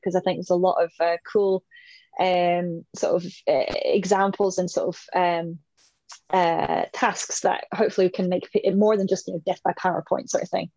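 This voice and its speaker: A woman's voice: fairly low pitch, dark tone, no echo. A woman in her thirties, talking as an interview guest in a casual, chatty way, laughing often and playing out little voices. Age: 30s.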